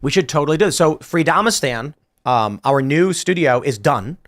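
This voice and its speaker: A man's voice: a little high, lively intonation, moderate pace. A man hosting a political talk show, chatting casually and arguing his points with animation and frequent restarts. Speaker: podcast host.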